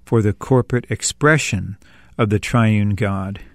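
A man giving scripted broadcast commentary in a measured, earnest way. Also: on the low side, no echo, clean studio sound.

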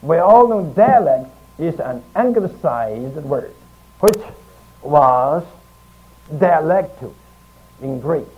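A man preaching a sermon, teaching slowly and emphatically with long pauses between phrases. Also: on the high side, lively intonation. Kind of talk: archival sermon. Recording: tinny phone-like archive recording.

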